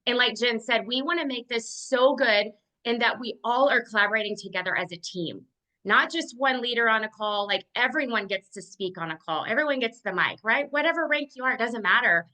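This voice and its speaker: A woman's voice: on the high side, brisk, bright, forceful tone, low-quality recording. A woman and team leader giving an earnest motivational testimonial on a video call, with a lot of "like" in her speech.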